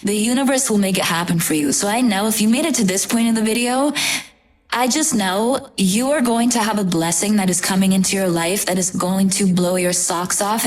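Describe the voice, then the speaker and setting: A young woman, a tarot reader, chatting casually and gushingly to her viewers, often trailing off and restarting. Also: mid-range voice. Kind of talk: casual chat to camera.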